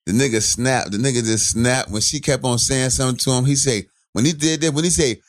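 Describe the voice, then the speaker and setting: A man's voice: mid-range voice, a little fast. A man chiming in during a casual chat, backing up and adding to a story. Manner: laid-back, chiming in to back up the story. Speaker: podcast co-host.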